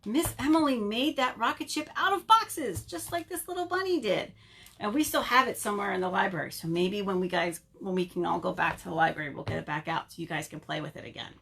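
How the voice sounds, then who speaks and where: A woman working as a children's librarian, reading a picture book aloud in an animated, sing-song way and asking the children questions, recorded at home. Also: mid-range voice, fairly quick, gravelly, breathy edge. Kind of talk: storytime read-aloud for children.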